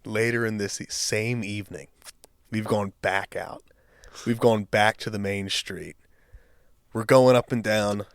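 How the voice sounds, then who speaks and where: A young man co-hosting a podcast, telling a long story in casual chat, swearing freely and getting loud as he relives the anger. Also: lowish voice, fairly even intonation, measured pace, long pauses, clean tone, no room sound. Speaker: podcast co-host.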